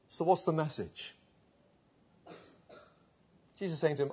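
A man preaching a sermon, retelling scripture with earnest rhetorical questions and dropping to a hush at tender moments. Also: a little high, a little slow, pauses often, breathy edge. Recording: dull lo-fi sound.

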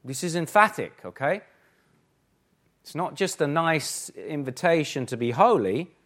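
A man preaching a sermon, emphatic, full of rhetorical questions, swinging between forceful and hushed. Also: a little high, big pitch swings, a little slow. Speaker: pastor.

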